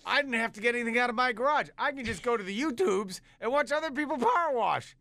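A man's voice: extremely high pitch, animated, fast talker, gravelly, sharp tone. A man co-hosting a radio morning show, teasing and playful in joking banter from the studio. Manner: playful, teasing, mock-innocent.

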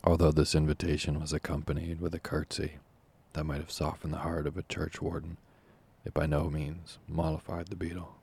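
A man narrating a classic novel as an audiobook in a measured, formal storytelling manner. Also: rumbling low, little pitch movement, gravelly, darkish tone, breathy edge.

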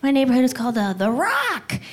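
A woman's voice: high-pitched, wildly swooping pitch, brisk. A woman comedian performing a stand-up routine for a live audience, building to mock-preachy bits.

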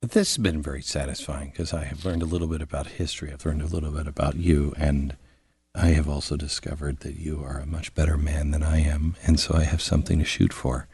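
Very deep, husky male podcast host. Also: flat delivery, a little fast, darkish tone, no echo. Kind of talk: interview wrap-up.

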